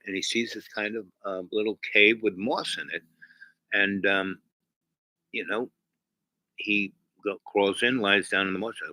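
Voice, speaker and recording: A man's voice: fairly low pitch, fairly even intonation, moderate pace, pushed and bright, no echo, rough recording. A man hosting his own channel, telling a rambling casual story with many fillers and restarts. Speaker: channel host.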